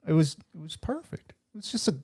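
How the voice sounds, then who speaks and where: A man co-hosting a podcast, talking casually and haltingly with many pauses and blunt swearing. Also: a little high, very animated, a little mellow, husky. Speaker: podcast co-host. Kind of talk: casual chat.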